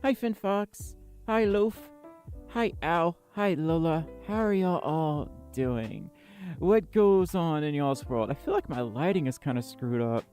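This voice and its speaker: A woman hosting a livestream, chatting casually with her viewers. She sounds tired and scattered but laughs often, and her pitch swings a lot. Faint music plays underneath. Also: expressive, a little slow, darkish tone. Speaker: livestream host.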